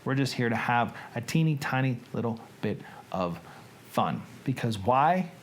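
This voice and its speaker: A man's voice: medium pitch, expressive, a little hiss or hum. A middle-aged man with a Southern American accent hosting a casual livestream in a folksy, playful manner. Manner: folksy, playful, drawn-out delivery. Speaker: livestream host. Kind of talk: casual livestream chat and dramatic reading.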